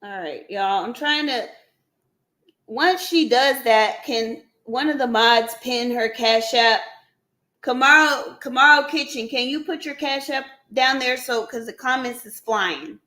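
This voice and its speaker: A woman hosting a live stream in a casual, chatty way. She keeps talking to her viewers as y'all and breaks into excited shouts and laughs. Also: fairly high pitch, measured pace. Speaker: livestream host running a giveaway. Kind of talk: casual livestream chat with viewers. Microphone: computer mic on a live stream.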